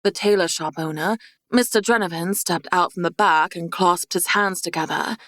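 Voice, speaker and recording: A woman narrates a fantasy audiobook in measured, even storytelling. Her voice sits on the lower side for a woman. The recording is dry and close, with no room sound. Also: no echo.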